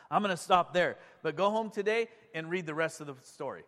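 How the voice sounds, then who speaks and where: A man's voice: a little high, animated, fast talker, hardly any pauses, fairly bright tone, in a large hall. A man preaching a sermon in a conversational and enthusiastic way, often putting questions to his congregation. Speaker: pastor.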